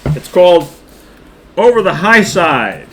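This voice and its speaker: A man's voice: high-pitched, big pitch swings, slow, fairly bright tone. An older man co-hosting a casual comic book chat, retelling a story in a rambling, chuckling way. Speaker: co-host.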